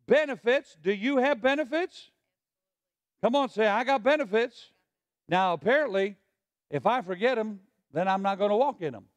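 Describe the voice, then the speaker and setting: Male pastor, high-pitched and lively, leads a call-and-response sermon, dry close sound. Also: normal speed, no echo. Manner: preacher who prompts the congregation to repeat lines; drops to a hushed voice on asides, rises on scripture. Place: church sanctuary.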